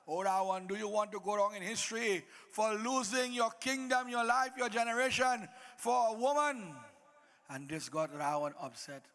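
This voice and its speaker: A man's voice: high voice, normal speed, fairly bright tone. A man narrating a devotional epic to devotees, dramatic with folksy asides. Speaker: Ramleela narrator. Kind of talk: devotional storytelling to an audience.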